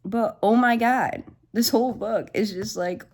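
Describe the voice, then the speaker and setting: Speaking at a measured pace in a slightly high voice, a book-vlogging woman in her twenties shares excited, casual reading updates. She curses openly while raving about the story.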